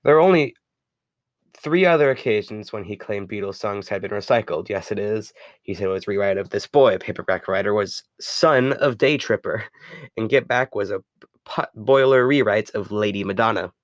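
Low-voiced rambling male podcast host. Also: moderate pace, dry recording, clean studio sound. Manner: rambling, self-correcting, chuckles often. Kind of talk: casual podcast talk.

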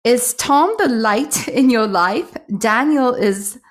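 A woman reading her old diary as a gushing teenage girl in a deliberately poor mock British accent. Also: a little high, lively intonation, pitched above the performer's own voice.

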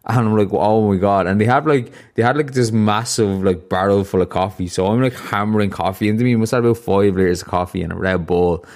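An Irish man hosting a relaxed podcast conversation, his voice sitting fairly low. He rambles loosely through his stories, padding them with plenty of filler words. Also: fast talker, few pauses. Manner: rambling, storytelling, many fillers. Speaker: podcast host. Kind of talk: casual interview chat.

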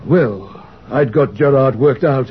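An actor playing a smug, terse undertaker's partner. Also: male voice, mid-range voice, takes it slowly, husky, narrow, tinny audio.

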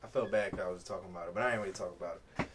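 A man's voice: sits low, steady tone, racing, noisy background. A young man co-hosting a podcast in casual chat, jokey and profane, laughing often as he reads a news story aloud. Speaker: podcast co-host.

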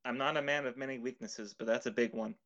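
Bright-voiced laughing podcast guy. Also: mid-range voice, fairly even intonation, fast talker. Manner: self-mocking, laughs often. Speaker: podcast co-host. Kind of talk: casual chat. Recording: dull lo-fi recording.

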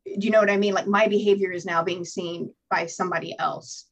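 A woman guest telling her own recovery story in an interview, candid and animated, swearing freely and acting out what she told herself. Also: on the low side, brisk, dull audio, slight background noise. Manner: candid, animated storytelling with profanity and acted-out inner voices. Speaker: podcast guest.

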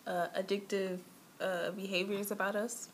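A woman's voice: mid-range voice, little pitch movement, moderate pace, a little hiss or hum. A woman hosting a podcast in casual chat, blunt and swearing, laughing often. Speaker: podcast host.

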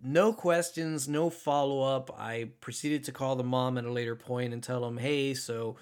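Casting: man, casual storyteller, emphatic and animated, stumbling restarts. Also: mid-range voice, moderate pace, smooth. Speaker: former social worker telling a story.

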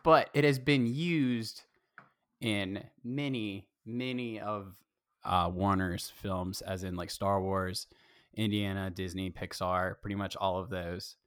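A man's voice: deep voice, fairly even intonation, slow, fairly bright tone, smooth, dry recording, studio quality. A man co-hosting a podcast in casual chat, laughing often and rambling. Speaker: podcast co-host.

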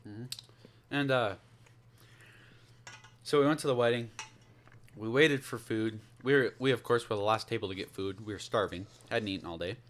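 A man's voice: on the low side, moderate pace, long pauses, fairly bright tone. A young man co-hosting a casual podcast, telling a story in a rambling way and losing his thread. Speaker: podcast co-host.

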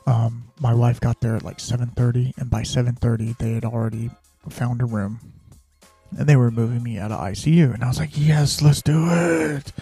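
A man's voice: medium pitch, steady tone, brisk, warm tone, husky, soft background music. A man hosting a podcast, telling a personal story in a candid, rambling way and dropping to a whisper when he quotes his own thoughts. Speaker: podcast host.

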